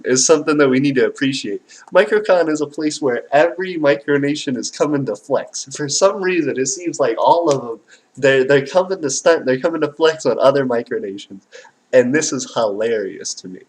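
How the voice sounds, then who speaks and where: A man hosting a live stream, reacting with animated, slangy, excitable chatter and reading out viewer comments. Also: a little high, rough recording. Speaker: livestream host.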